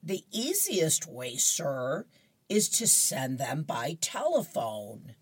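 A woman voicing a prim, polite comic-strip girl in a soft, breathy tone. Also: rumbling low, huge pitch swings, takes it slowly, no echo, full character voice.

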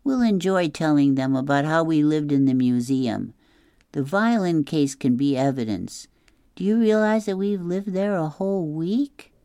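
Woman playing a practical young boy who coaxes softly; slightly raised pitch, steady pace. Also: a little slow, smooth, dry recording, clean studio sound. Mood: coaxing. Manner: gentle, coaxing.

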